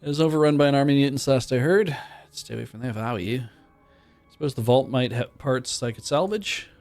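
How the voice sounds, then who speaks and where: A man's voice: mid-range voice, fairly quick, a little mellow, no echo, soft background music, lightly acted. A man voicing a matter-of-fact wandering male trader and tinkerer, reading the game's dialogue aloud in a loose put-on Australian accent. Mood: informative.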